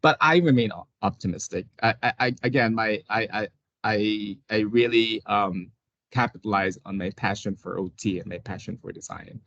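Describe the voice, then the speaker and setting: A man's voice: fairly low pitch, normal speed, a bit bright, dry recording, dull audio. A man, an occupational therapist, talking casually as an interview guest, hesitant with many restarts and frequent laughs.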